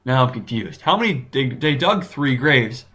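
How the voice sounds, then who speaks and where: A man in casual commentary, talking through a TV episode with rambling, excitable energy. His pitch sits in an ordinary middle range, and he keeps stopping to restart his thoughts and exclaim. He sounds like a solo video reviewer speaking straight to his viewers. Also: normal speed, husky. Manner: excitable, rambling, thinks aloud with many restarts. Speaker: YouTube TV reviewer.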